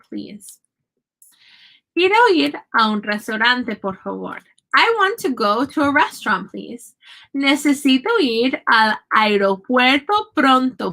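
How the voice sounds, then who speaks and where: A woman's voice: a little high, creaky, bright, forceful tone, rough recording. A woman teaching a casual Spanish lesson from home, saying Spanish phrases and their English meanings in a chatty, patient way. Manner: chatty, explains slowly, switches between Spanish and English phrases.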